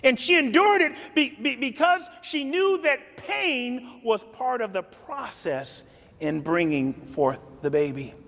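A man preaching a sermon in a dramatic way, swinging between soft and loud and acting out the quotes he reads. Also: extremely high pitch, expressive, slow pace. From grew up in a city. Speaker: pastor. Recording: long reverb of a large hall.

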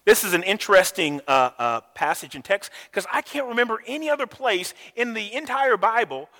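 High, bright-voiced preaching man. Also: animated, a little fast, in a large hall. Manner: emphatic, repeats words, asks the congregation to answer. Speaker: pastor. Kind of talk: sermon.

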